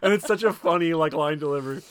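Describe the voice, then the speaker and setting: A podcast host with a slightly high male voice talks fast, casually recapping a film's scenes and acting out the characters' lines while swearing often. The studio-quality recording has no echo.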